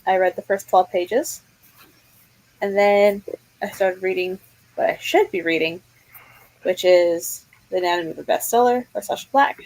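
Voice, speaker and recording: Slow husky woman chatting on a livestream. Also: medium pitch, low-quality recording. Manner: chatty, reads chat comments aloud, playful and dramatic. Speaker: livestream host. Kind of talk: casual livestream chat.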